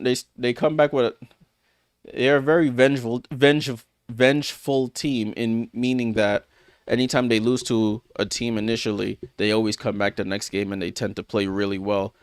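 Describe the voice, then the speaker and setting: A man with a mid-range, clean-toned voice hosts a live sports watchalong, chatting casually through the scores. He leans on fillers, restarts a lot, and answers viewers by name. The studio sound is clean and echo-free.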